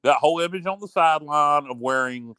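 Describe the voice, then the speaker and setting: A man's voice: on the high side, brisk, pushed and bright, clear, resonant tone, dry recording. A man hosting a casual sports talk show, boastful and rambling, often repeating himself.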